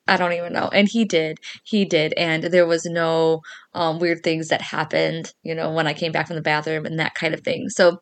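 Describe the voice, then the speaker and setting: A woman hosting a podcast, telling a ghost story in a casual, animated way, acting out what people said and laughing often. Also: sits low, moderate pace. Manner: animated, acts out quoted voices, laughs often. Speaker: podcast host.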